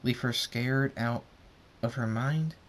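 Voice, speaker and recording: A man's voice: mid-range voice, takes it slowly, slight background noise, close to an everyday voice. A man reading a fan story aloud, voicing a protective pegasus father in his own plain voice. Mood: calm. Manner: plain, steady delivery; yells in panic. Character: caring adult pegasus stallion father, protective.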